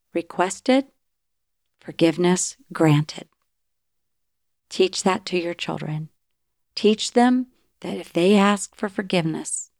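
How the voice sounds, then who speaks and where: A woman's voice: lowish voice, a little mellow, dry recording, studio quality. A middle-aged woman giving an earnest, encouraging faith-based talk on parenting, sometimes acting out what parents and children say. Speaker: Christian parenting speaker.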